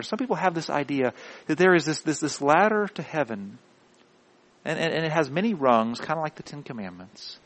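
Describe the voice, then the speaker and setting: A male pastor delivers a sermon in a voice sitting a bit higher than most men's. He drives his points home with repeated, emphatic declarations. His delivery swings between hushed passages and loud, building climaxes. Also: sing-song, a little fast, low-quality recording.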